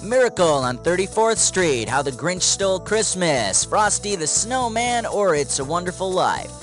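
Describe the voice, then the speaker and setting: An actor playing a wisecracking, energetic quiz game show host. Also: male voice, high voice, moderate pace. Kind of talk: scripted game show hosting. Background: game music.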